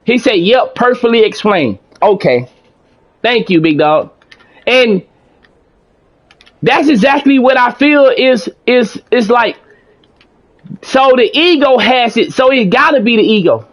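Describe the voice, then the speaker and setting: Guy with a really high voice talking to his stream chat, preachy motivational rambling, aave. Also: expressive, measured pace, long pauses. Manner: preachy, motivational, repeats himself, reads out chat. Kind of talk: casual livestream chat.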